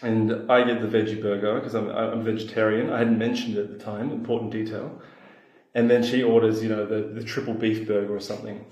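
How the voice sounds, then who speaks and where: A man, a podcast guest telling a dating story in a relaxed, self-deprecating way, laughing along. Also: on the low side, brisk, echoey room, low-quality recording. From Australia. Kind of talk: casual storytelling chat.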